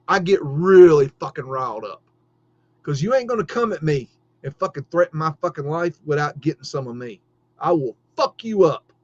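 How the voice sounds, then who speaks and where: Middle-aged guy ranting on a livestream, swears a ton, trips over his words, kinda high voice, muffled lo-fi audio. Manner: heated, profane, stammering restarts. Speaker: podcast host. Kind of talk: livestream rant. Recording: dull lo-fi stream audio.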